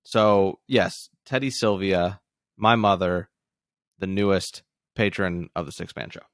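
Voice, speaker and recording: A man's voice: sits low, steady tone, unhurried, no echo, clean studio sound. A young man co-hosting a casual sports podcast, talking in a loose, rambling way. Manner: rambling, loose, with many restarts. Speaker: podcast co-host.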